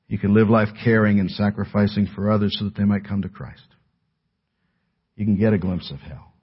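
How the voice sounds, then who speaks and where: A male pastor preaching a sermon in earnest, moving between raised emphasis and hushed pleading. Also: on the low side, fairly even intonation, brisk, breathy edge, highs cut off.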